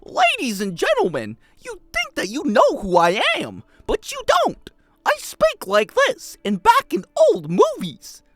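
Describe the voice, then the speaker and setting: A man doing an impression of a theatrical old-time movie actor with a slow, grand, drawn-out delivery. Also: very high voice, wildly swooping pitch, a bit bright, dry recording, voice pushed up, full character voice. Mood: grandiose.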